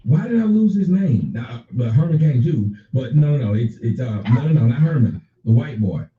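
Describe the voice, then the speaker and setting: A man hosting a casual livestream, reading viewer chat aloud and answering chatters by name in an animated, profane way. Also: mid-range voice, normal speed, distant mic. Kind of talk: casual unscripted livestream talk. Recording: echoey room, off-mic, dull lo-fi sound.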